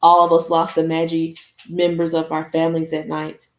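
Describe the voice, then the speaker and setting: A woman hosting a podcast, reading a novel aloud and breaking off for relaxed, casual chat with her listeners. Her voice is on the low side, and the room gives it a clear echo. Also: moderate pace. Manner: casual, chatty, says "y'all". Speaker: podcast host. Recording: echoey room.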